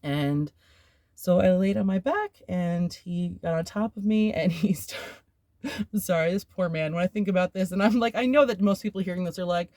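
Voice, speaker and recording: A woman's voice: on the low side, moderate pace, mellow, no room sound, clean studio sound. A woman hosting a podcast, telling a personal story in a candid, rambling way, with filler words and nervous laughs. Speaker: podcast host.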